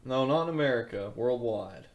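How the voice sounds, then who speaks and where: A young man in his podcast's casual chat, speaking at a middle pitch. He sounds laid-back and easygoing, with offhand swearing. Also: animated, normal speed. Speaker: podcast co-host.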